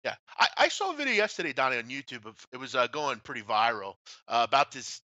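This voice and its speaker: A bright, forceful male voice cuts through a dry, dull-sounding remote line. He co-hosts a casual sports betting show and rants with blunt, profane storytelling, mid-pitched and direct. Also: huge pitch swings, quick pace, dry recording. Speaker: podcast co-host.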